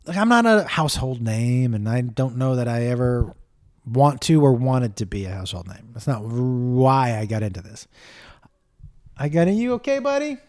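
A middle-aged man hosting a casual comedy podcast, telling stories in an animated way, acting out the people he quotes, swearing often. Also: mid-range voice, normal speed. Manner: animated storytelling, acts out quotes, swears, talks to his dog.

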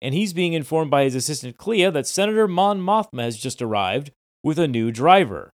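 A man's voice: fairly high pitch, very animated, a little fast, dry recording, clean studio sound. A man co-hosting a podcast, narrating TV scenes in casual chat with filler words and quoted lines. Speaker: podcast co-host.

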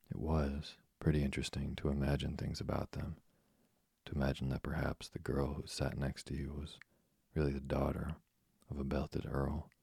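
Guy doing an eager chatterbox orphan girl, super low voice, dry sound. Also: gravelly, a little mellow, slightly rough, no echo, heavily acted. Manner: rambling, eager.

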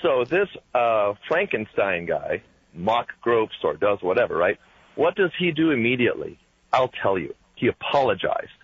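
A man's voice: lowish voice, very animated, moderate pace, slightly rough. A man calling in to a talk radio show, challenging the host with hesitant fillers. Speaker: caller. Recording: dull phone-in line.

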